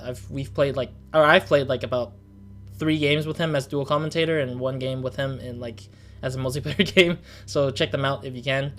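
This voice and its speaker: A man wraps up a game series in easygoing, rambling chat. His voice sits at a middle pitch, and faint music plays quietly behind him. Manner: relaxed, rambling with fillers and restarts. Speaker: channel host. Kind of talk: casual gaming chat.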